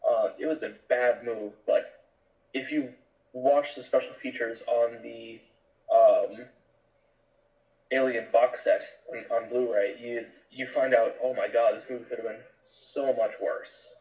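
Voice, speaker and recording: A man's voice: medium pitch, fairly even intonation, unhurried, a little mellow, far from the mic, dull audio. A man co-hosting a podcast, chatting about movies in a laid-back, hesitant way with many ums. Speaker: podcast co-host. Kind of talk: casual movie chat.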